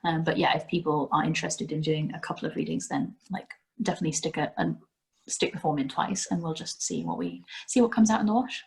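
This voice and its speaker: A woman's voice: low voice, expressive, fast, creaky, a little mellow. Chatty, rambling woman hosting a storytime. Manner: chatty, rambling, with many fillers and restarts. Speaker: storytime host. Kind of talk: casual chat on a video call.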